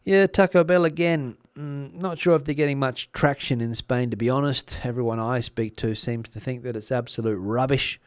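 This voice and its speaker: A man's voice: medium pitch, normal speed, hardly any pauses, clear, resonant tone, dry recording, clean studio sound. A middle-aged man with an Australian accent, casually chatting on a live stream, rambling with plenty of fillers and restarts. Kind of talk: casual live-stream chat reading comments.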